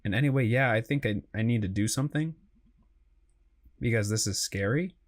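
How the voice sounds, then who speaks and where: A man's voice: medium pitch, brisk, lightly acted. A man reading the lines of an anxious young female cat in a video game, in a rambling, uneasy way.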